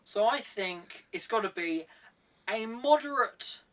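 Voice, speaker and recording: A man's voice: high-pitched, expressive, takes it slowly, a bit bright. A man co-hosting a casual movie review in a playful, joking way. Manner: playful, fond of silly voices. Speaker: co-host. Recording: distant mic.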